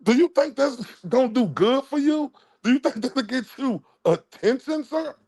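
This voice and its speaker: A livestream commentator with an extremely high, expressive, slightly mellow voice rants at a moderate pace. He's confrontational and heavily profane, mocking the people he's addressing in this heated stream.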